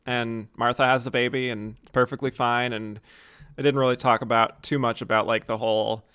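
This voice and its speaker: A man hosts a film podcast in a relaxed, wry chat and laughs often. His voice is bright and sharp. The sound is dry and close. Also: medium pitch, fairly quick, smooth, dry recording. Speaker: podcast host. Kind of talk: casual chat about a film.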